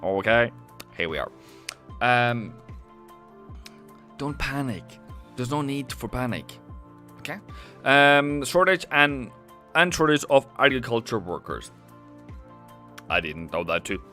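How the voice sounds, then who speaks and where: Male streamer, bright forceful voice, chatty and rambling, faint music underneath. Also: mid-range voice, very animated, takes it slowly, pauses often. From Norway. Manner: rambling and chatty, often self-correcting. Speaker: trading streamer. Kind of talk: live market commentary.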